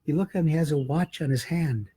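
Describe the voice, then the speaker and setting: A man's voice: fairly high pitch, fast, warm tone, slightly rough, no room sound. A man, a rabbi, telling a holiday story in a folksy, conversational sermon.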